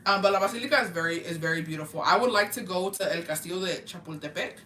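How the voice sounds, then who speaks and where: A young woman from Oaxaca, Mexico, chatting casually and profanely with her live-stream viewers in an animated, slangy way. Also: lowish voice, racing, slight background noise. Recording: roomy, mic at a distance.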